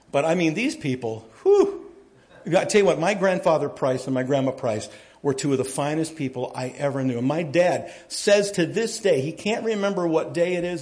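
Man, pastor, sermon, folksy storytelling, joking, fairly high voice, volume rising and falling. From United States. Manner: folksy storytelling, jokes, animated swings in loudness.

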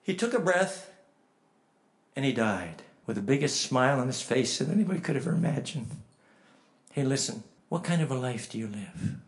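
A man preaching a storytelling sermon, swinging from hushed to emphatic and asking the listeners direct questions. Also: mid-range voice, big pitch swings, moderate pace.

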